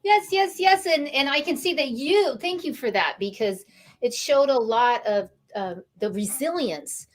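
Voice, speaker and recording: A woman's voice: sits high, expressive, a little slow. A woman hosting an interview show, upbeat and encouraging, welcoming viewers by name. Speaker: talk show host.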